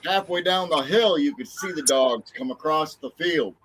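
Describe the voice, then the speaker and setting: Laid-back guy telling a kid story on a podcast, voice a bit high. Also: moderate pace, fairly bright tone, a little hiss or hum, poor audio. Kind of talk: casual chat.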